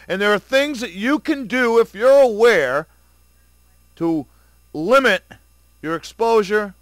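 A man's voice: high-pitched, a bit bright, dry recording. A man rants into the camera with a raised, tense voice, swearing freely and mocking his viewers. His anger stays at a boil throughout, with a sarcastic edge. The recording is dry, with no room sound around him. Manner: furious, profane and sarcastic. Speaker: vlogger. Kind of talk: angry video rant.

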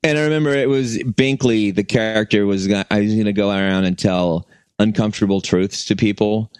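A man's voice: fairly low pitch, brisk, darkish tone, smooth, no room sound. A man co-hosting a podcast, chatting casually and rambling with many restarts. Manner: rambling, lots of restarts and fillers. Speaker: podcast co-host. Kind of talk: casual chat.

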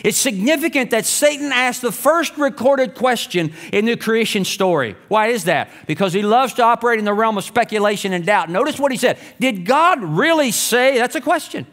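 A man preaching a sermon as pastor, reading scripture and stories with emphatic delivery that swings between raised, urgent lines and hushed, low ones. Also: animated, a little fast, few pauses.

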